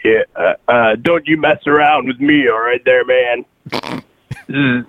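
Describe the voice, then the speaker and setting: A man's voice: medium pitch, unhurried, dry recording, natural voice. A man voicing a crude, swaggering biker who threatens the host, calling in over a phone line. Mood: menacing swagger. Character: tough crude male biker, menacing blowhard. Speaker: caller.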